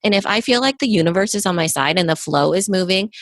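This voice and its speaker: Lively, laughing woman with a low, dry voice. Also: fast, dry recording. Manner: animated storyteller, laughs often, goes off on tangents. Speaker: podcast co-host. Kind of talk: casual chat.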